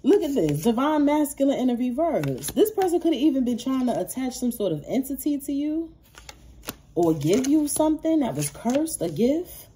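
A woman's voice: high voice, normal speed, slight background noise. A woman doing a casual tarot reading for her viewers, cursing freely, laughing often and calling them baby. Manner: profane, animated, laughs often, calls viewers baby and child. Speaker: tarot reader.

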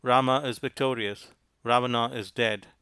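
A man voicing a kindly, loyal male monkey servant who speaks gently and reassuringly. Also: medium pitch, fairly even intonation, moderate pace, smooth, no echo, lightly acted.

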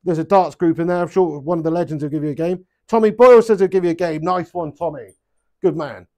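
Young male streamer, cheeky banter, frequent swearing, voice a touch high. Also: quick pace, dark tone. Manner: chatty and joking, swears freely, calls viewers lad and mate. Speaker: live stream host playing webcam darts. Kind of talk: casual live-stream chat.

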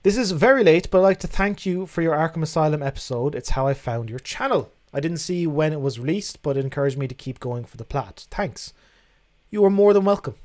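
A man's voice: fairly high pitch, lively intonation, fairly quick, a little mellow. A young man hosting a casual livestream, reading out viewer questions and answering them in a frank, chatty way that includes casual swearing. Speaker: livestream host.

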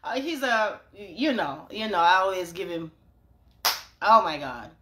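A woman's voice: mid-range voice, lively intonation, measured pace, bright, forceful tone, roomy sound. A woman hosting a casual live stream, laughing and teasing as she chats with viewers.

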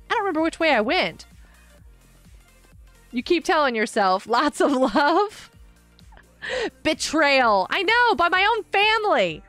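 A woman's voice: high voice, sing-song, slow, pauses often, fairly bright tone, no echo, faint music behind. A woman live-streaming a game, chatting and giggling often while answering her chat.

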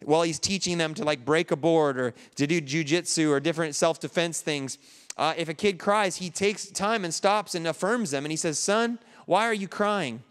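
Grieving male pastor, earnest conversational sermon, slightly high clear voice, church hall reverb. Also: a little fast. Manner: earnest, conversational preaching with restarts.

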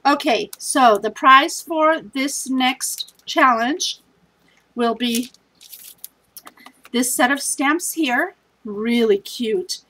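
A woman's voice: high-pitched, extremely slow, bright, forceful tone, rough recording. A tired woman hosting a scrapbooking challenge vlog, chatting in a casual, scattered, self-deprecating way at home.

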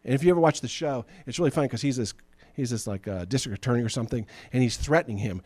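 A man preaching a relaxed, joking sermon that sounds like everyday talk, his pitch sitting in a middle range. The sound is dry and close, with no room echo. He often slips into acting out the people he is talking about. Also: racing, breathy edge. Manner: conversational and joking, acts out Bible figures. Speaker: pastor.

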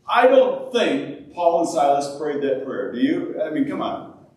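Male pastor preaching, somewhat high voice, animated delivery, heard from a distance in a very echoey church hall. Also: unhurried, slight background noise. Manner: animated, acts out prayers in a raised voice. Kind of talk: sermon.

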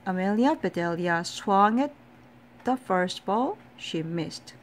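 A woman's voice: mid-range voice, animated, slow, slight background noise. Woman reading a bedtime story.

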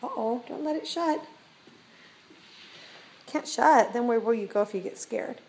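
A woman's voice: fairly high pitch, expressive, unhurried, creaky, darkish tone, slightly rough. A woman who cares for boarded cats, chatting to one in a sing-song baby-talk voice for a casual vlog. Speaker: cat boarding carer. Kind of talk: casual vlog, talking to a cat.

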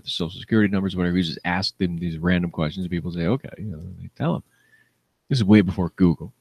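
A man's voice: low voice, darkish tone, breathy edge, no room sound. A man co-hosting a casual comedy chat, telling stories, laughing often and acting out the people he quotes. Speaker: podcast co-host.

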